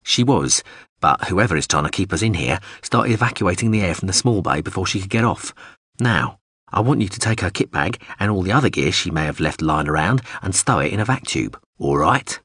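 A man's voice: low voice, lively intonation, brisk, fairly bright tone, husky, no echo, studio quality, heavily acted. A man voicing a cold starship pilot who gives clipped, commanding orders. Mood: curt.

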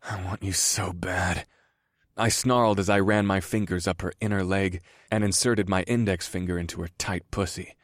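Deep-voiced man reading slowly. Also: fairly even intonation, dry recording, clean studio sound. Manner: slow, low, measured reading. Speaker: narrator. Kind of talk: first-person audiobook narration.

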